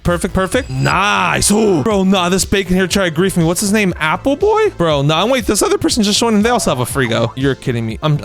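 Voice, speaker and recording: A young man giving casual, excitable commentary over his own gameplay, full of slang. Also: a little high. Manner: excitable slangy chatter, says bro a lot. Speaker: gaming channel host.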